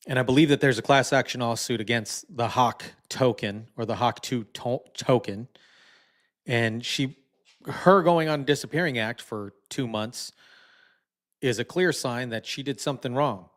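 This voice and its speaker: In a casual online commentary, the male host talks a little slowly in a mid-range, slightly bright voice. He's blunt and indignant, repeating himself often.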